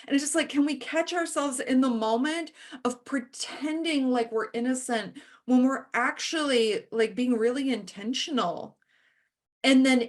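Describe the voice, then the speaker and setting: A woman speaking candidly as a panelist in a panel discussion, telling stories and shifting into voices for the people she quotes. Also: on the high side. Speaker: panelist and author.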